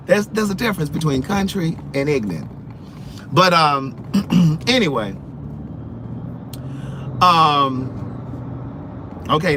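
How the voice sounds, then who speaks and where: A man vlogging from his car, chatting in an animated, sassy way and answering comments, sounding sleepy. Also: fairly high pitch. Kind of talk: casual chat while driving. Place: in a car on the road. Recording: car road noise. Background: road noise.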